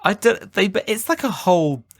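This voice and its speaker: A man's voice: high-pitched, sing-song, normal speed. A man co-hosting a podcast, chatting casually about a film with many fillers and restarts. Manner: rambling, many fillers and restarts, laughs often. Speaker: podcast co-host. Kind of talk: casual film review chat.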